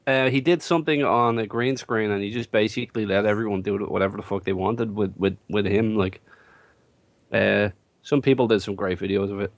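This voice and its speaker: A man's voice: on the low side, fairly quick, no echo. A man, talking bluntly and crudely as a podcast guest. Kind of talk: casual chat about movies.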